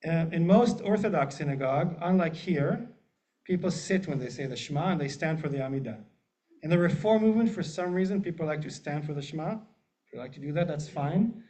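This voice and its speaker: A man, a rabbi, teaching a group in a relaxed, joking way and often checking in with the room. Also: on the high side, brisk. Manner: chatty, jokey, asks the group often. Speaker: rabbi leading a class. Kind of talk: casual teaching with humor. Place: synagogue classroom with a group. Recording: muffled lo-fi room recording.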